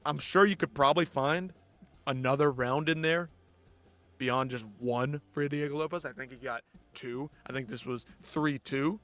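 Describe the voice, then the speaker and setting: A man's voice: medium pitch, moderate pace, a bit bright, soft background music. A man hosting a live post-fight show, ranting bluntly and with heavy swearing. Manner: blunt, profane, exasperated ranting. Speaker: host.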